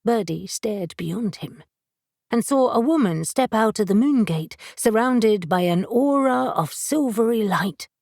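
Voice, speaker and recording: A woman narrating an audiobook in a measured way, giving each character a voice. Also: on the high side, lively intonation, gravelly, a little mellow, no echo, studio quality. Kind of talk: scripted narration.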